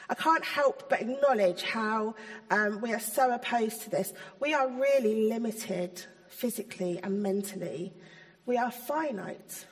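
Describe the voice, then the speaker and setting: A woman giving an informal, chatty sermon to a church, full of ums and gentle asides. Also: fairly high pitch, measured pace. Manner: chatty, hesitant, many ums. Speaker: church speaker. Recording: long hall reverb.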